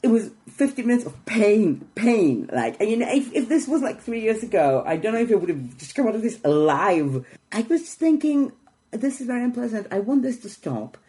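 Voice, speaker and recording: A woman's voice: fairly high pitch, big pitch swings, fairly quick, dark tone. A middle-aged woman comedian from Israel, chatting frankly and wryly on a podcast, swearing freely. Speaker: comedian guest. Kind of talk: casual chat.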